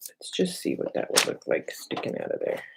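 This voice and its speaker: Amid heavy background noise, a middle-aged woman speaks briskly while hosting a casual crafting livestream from her home craft table. She greets viewers by name, thinks out loud and mutters to herself as she works.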